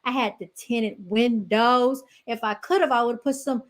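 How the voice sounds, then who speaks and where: A woman's voice: fairly high pitch, steady tone, unhurried. A woman in her thirties hosting a podcast, chatting casually and telling stories straight to her listeners. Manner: chatty storytelling, keeps addressing listeners as y'all. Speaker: podcast host.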